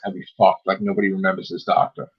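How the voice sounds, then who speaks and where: Excitable male co-host, husky, profane, acts out quotes; lo-fi dull recording. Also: deep voice, quick pace. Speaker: podcast co-host. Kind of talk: casual chat.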